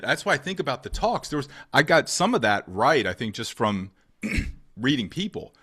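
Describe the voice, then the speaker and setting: A man's voice: mid-range voice, expressive, moderate pace, bright, forceful tone, husky. A man hosting a podcast in casual chat, rambling with many restarts and sports comparisons. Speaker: podcast host.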